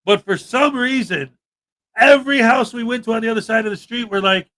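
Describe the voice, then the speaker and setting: A man's voice: very high-pitched, a little fast. A young man hosting a livestream, telling stories in a casual chat and acting out the quotes. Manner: animated storytelling, acts out quotes. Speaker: livestream host.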